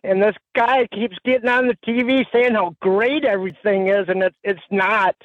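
Male radio caller, high-pitched, upset and venting, tinny dry phone line. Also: normal speed, no room sound. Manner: frustrated, emotional venting. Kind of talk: phoning in to talk radio.

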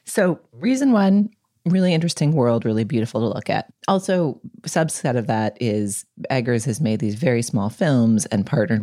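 Woman w a really low mellow voice, sarcastic podcast panelist riffing. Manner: animated, sarcastic, mimics voices when quoting. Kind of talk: casual panel discussion.

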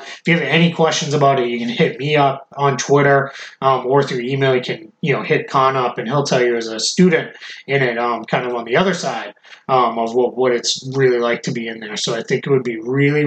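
A man hosting a casual podcast chat, eager and quick to plug his work, with frequent restarts and a case of the hiccups. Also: medium pitch, fairly bright tone, echoey room, slight background noise, rough recording. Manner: eager, self-promoting, many restarts. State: has the hiccups. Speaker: podcast host.

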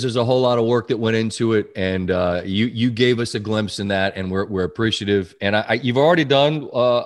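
A man hosting a podcast in casual chat, teasing his guest and openly sentimental. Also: medium pitch. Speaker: podcast host.

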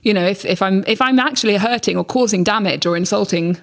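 Young woman guest, candid and lively, swears, mid-range voice. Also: mid-range voice, quick pace. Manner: frank and animated, swears, acts out messages in voices. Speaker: podcast guest. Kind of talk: casual podcast chat.

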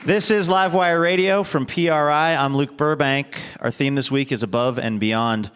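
Man, radio host, upbeat joking intro, slightly high voice, hall reverb, faint noise. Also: moderate pace, fairly bright tone, a faint crowd. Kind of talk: scripted guest introduction.

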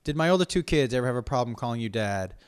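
A man's voice: mid-range voice, lively intonation, very fast, clean tone, dry recording. A middle-aged man from Massachusetts hosting a comedy podcast, rambling with profanity, repeating phrases for emphasis and drawing out his vowels. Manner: holds on to vowels. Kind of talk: casual podcast chat, reading listener questions.

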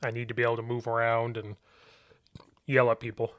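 A football coach talking casually on a podcast, with a voice of ordinary male pitch. He tells animated stories and slips into quoted shouts along the way. The sound is dry, with no room echo. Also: fairly quick.

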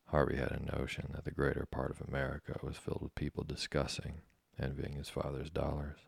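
A man calmly narrating a classic sea novel as a bedtime story. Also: a bass voice, fairly quick, vocal fry, hardly any pauses, husky, no room sound.

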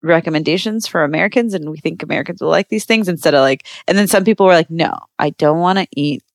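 A woman's voice: on the low side, rapid-fire, creaky, no echo, studio quality. A young woman telling a casual story in a chatty way, full of fillers and acted-out quotes.

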